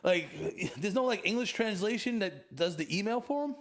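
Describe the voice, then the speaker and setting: A man's voice: high-pitched, normal speed. A man hosting a casual podcast, telling crude stories with lots of swearing and laughter. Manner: profane, animated storytelling with laughs. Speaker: podcast host. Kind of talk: casual chat.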